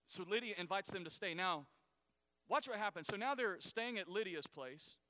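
A man preaching a sermon in a lively, conversational way, acting out the people in the story with sudden loud, high bursts. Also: normal speed, long reverb tail. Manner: animated, acts out Bible characters with bursts of loud high voices. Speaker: pastor.

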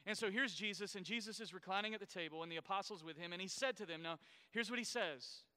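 Male pastor, high bright voice, smooth and clear, explains things to the congregation, church hall with long reverb. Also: fast talker. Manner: explanatory, asks the congregation questions. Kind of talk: sermon.

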